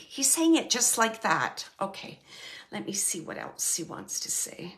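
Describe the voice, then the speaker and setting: A woman medium gives a live reading, her voice bright and a little high. She speaks in halting bursts, circles back over the same words and fills the gaps with soft fillers while she relays what she hears. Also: big pitch swings. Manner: halting, repeats phrases, many fillers; relays messages, quotes the dead man. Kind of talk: live audience reading, thinking aloud.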